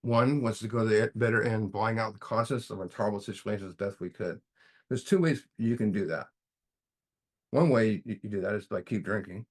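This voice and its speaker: A man's voice: lowish voice, brisk. A man leading a recovery study group in a casual teaching manner, folksy, often repeating himself and saying "you know".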